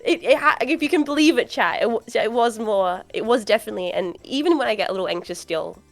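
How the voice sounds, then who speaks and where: A woman's voice: fairly high pitch, animated, fast talker, soft background music. Chatty South Australian woman streamer. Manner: chatty, laughs often, restarts sentences. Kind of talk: casual chat on a live stream.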